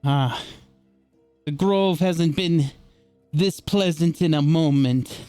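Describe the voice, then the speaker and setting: A man's voice: on the high side, slow pace, dark tone, clear, resonant tone, no echo, soft background music. A man playing a loyal subject who greets his returning queen in a courteous, relieved way. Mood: glad.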